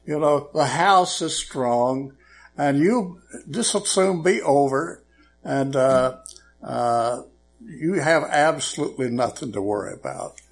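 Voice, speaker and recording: Man doing a soothing gentle mother. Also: fairly high pitch, takes it slowly, vocal fry.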